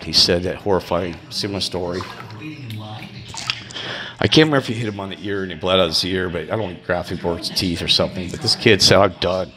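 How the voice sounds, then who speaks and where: A man's voice: low-pitched, fast talker, a crowd in the background, rough recording. A man who coaches youth baseball, telling stories in a casual monologue and acting out the people he quotes. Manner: animated, acts out quoted people in raised voice.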